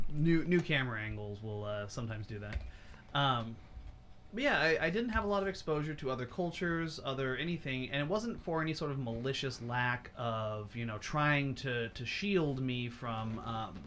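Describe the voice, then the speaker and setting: A man's voice: medium pitch, moderate pace, fairly bright tone, slight background noise. A man from Southern California co-hosting a casual livestream talk show, easygoing and agreeable, often hesitating with fillers. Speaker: co-host.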